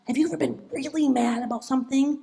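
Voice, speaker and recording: A woman giving a children's sermon in a church, speaking gently and asking the kids questions as she tells the story. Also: high-pitched, fairly even intonation, fast talker, vocal fry. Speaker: children's message leader.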